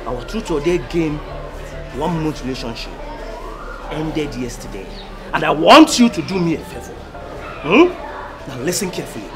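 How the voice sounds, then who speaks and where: An actor with a Nigerian accent playing an angry, dismissive young male student who shouts curt retorts. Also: on the high side, sing-song, moderate pace, long pauses. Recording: film soundtrack with music and crowd noise.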